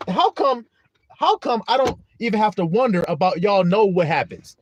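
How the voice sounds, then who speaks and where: A man with a high, very animated voice delivers a casual livestream sermon. He keeps pressing his listeners with rhetorical questions, blunt and peppered with profanity, and the sound is close and dry. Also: a little fast, dry recording. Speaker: preacher teaching an online flock.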